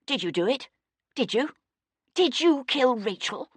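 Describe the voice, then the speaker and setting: A spoiled young man stammers his denials in a high, shaky voice, as a woman narrator plays him. His pitch jumps all over the place, and the sound is dry and close. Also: animated, a little slow, husky, no echo, full character voice. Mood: angry. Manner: high, shaky, panicky protests. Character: frightened weak-chinned young man.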